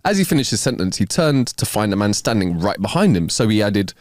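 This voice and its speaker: A man's voice: fairly low pitch, a little fast, no echo, clean studio sound. A man, co-hosting a podcast, reading jokes aloud and laughing between them. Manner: animated, laughs a lot while reading jokes. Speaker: podcast co-host. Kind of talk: casual joke-telling chat.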